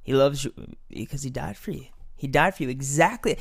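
A man's voice: mid-range voice, brisk, vocal fry, slightly rough. A man speaking as a podcast guest. His casual, earnest chat builds into a fired-up preaching voice.

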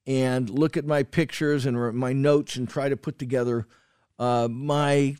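A man's voice: mid-range voice, steady tone, measured pace, a little mellow, clean tone, no echo, studio quality. A man co-hosting a food podcast in casual chat, rambling with restarts and fillers and swearing for emphasis. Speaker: podcast co-host, food critic.

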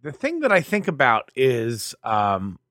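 A man co-hosting a casual podcast chat, who speaks in a halting, musing way with frequent restarts. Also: mid-range voice, wildly swooping pitch, fairly bright tone, dry recording, studio quality. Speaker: podcast co-host.

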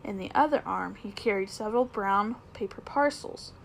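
A woman reading a children's book aloud in a gentle, unhurried way, correcting small slips as she goes. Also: mid-range voice, creaky, slight background noise, poor audio. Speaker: reader.

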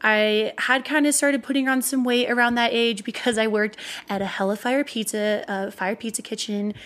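A woman's voice: fairly high pitch, fairly even intonation, normal speed, fairly bright tone. A young woman in frank, casual chat who swears and laughs easily.

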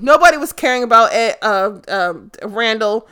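A woman giving a casual, excited and profane recap of a wrestling event, rambling with lots of fillers. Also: a little high, moderate pace, clear, resonant tone. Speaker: fan commentator.

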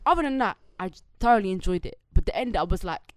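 A woman's voice: medium pitch, fast talker, hardly any pauses, dry recording. A woman, co-hosting a podcast in casual, opinionated chat full of swearing. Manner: animated, opinionated, ranting with swearing. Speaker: podcast co-host.

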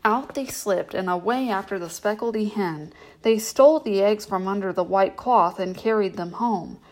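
A woman hosting a bedtime story reading, narrating in a gentle, measured way. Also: medium pitch.

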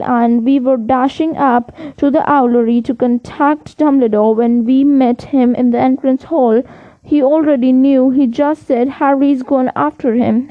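A woman's voice: high-pitched, no echo, phone-quality sound. A woman reading the part of an anxious, bossy schoolgirl witch in an audiobook, urgent and fretful.

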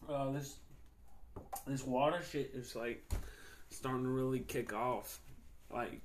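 A man's voice: medium pitch, steady tone, slow pace, slight background noise. A young man hosting a podcast, telling stories in a loose, slangy, profane way and laughing often. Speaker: podcast host. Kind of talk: casual storytelling chat.

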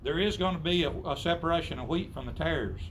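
A man's voice: fairly high pitch, fairly quick, a little hiss or hum. A man preaching a sermon to his congregation, emphatic, asking rhetorical questions and quoting scripture.

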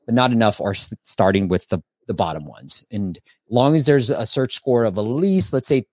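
A man's voice: medium pitch, animated, normal speed, darkish tone, no room sound, clean studio sound. A man hosting a casual live stream, reviewing apps and giving advice in a chatty way with lots of fillers.

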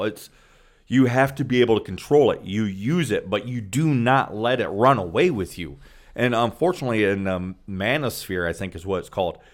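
A man co-hosting a podcast, in blunt, emphatic casual chat, swearing freely. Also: lowish voice.

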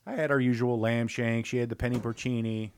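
Tasting beers on a podcast he co-hosts, a man from Northwest Indiana with a Chicago accent talks casually and with animation, going off on rambling plugs for local restaurants. He speaks fairly quickly at a medium pitch, with slight background noise.

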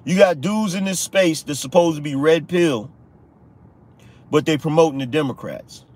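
Man ranting heatedly, fairly high voice. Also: normal speed, a little mellow. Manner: heated, preachy, repeats lines for emphasis, profane. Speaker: political podcast host. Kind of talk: live-stream rant.

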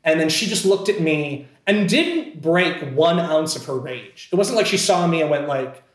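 Guy rambling through a story, lots of likes, kinda high voice, echoey room. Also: sing-song, normal speed. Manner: rambling, heavy on "like" and restarts. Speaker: podcast co-host telling a story. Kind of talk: casual storytelling.

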